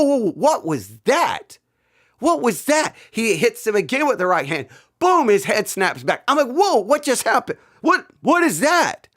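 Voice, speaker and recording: A middle-aged man hosting his own channel, excitedly telling a story in casual talk and often repeating himself. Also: sits high. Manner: animated, repeats himself, breaks into laughter. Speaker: channel host.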